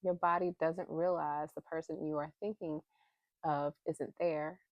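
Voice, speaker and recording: A woman's voice: sits low, steady tone, a little slow, dry recording, muffled recording. A woman talking casually to her camera about faith and emotions, heartfelt and candid, with bursts of emphatic pleading. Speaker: spiritual vlogger drawing inspiration cards. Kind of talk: casual spiritual talk to camera. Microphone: phone camera held close.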